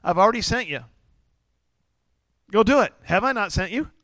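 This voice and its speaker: A man's voice: extremely high pitch, level tone, drawn-out words, bright, forceful tone, smooth, no echo, clean studio sound, pitched above the performer's own voice, exaggerated voice. A man voicing God as an urgent male voice who keeps repeating his commands. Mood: insistent. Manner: rising, emphatic, repeating commands.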